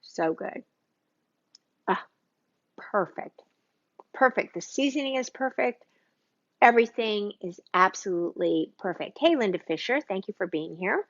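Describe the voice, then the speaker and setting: A woman's voice: medium pitch, expressive, normal speed, lo-fi sound. A woman hosting a live cooking stream from her home kitchen, chatting with viewers by name in an exclamatory way. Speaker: cooking show host.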